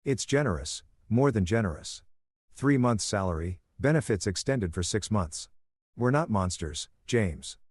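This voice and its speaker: A man voicing a cold older company boss who speaks in a measured corporate tone. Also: lowish voice, animated, a little mellow, breathy edge, no echo.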